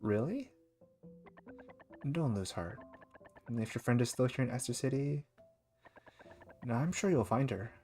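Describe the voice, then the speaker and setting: A man's voice: medium pitch, animated, a little slow, pauses often, a little mellow, faint music behind, close to an everyday voice. A man reading a worldly dancer woman, lifting his voice for her. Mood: reassuring.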